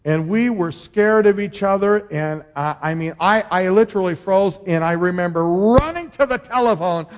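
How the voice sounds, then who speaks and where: A middle-aged male pastor preaching a sermon, moving between rousing declarations and a hushed storytelling voice. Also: high-pitched, normal speed, few pauses. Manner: impassioned preaching, dropping to a soft storytelling voice.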